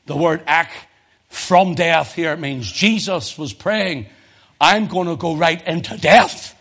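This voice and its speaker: Fervent preacher man, high-pitched voice. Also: slow pace. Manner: swings from loud emotional crescendos to low intense tones. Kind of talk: fervent sermon.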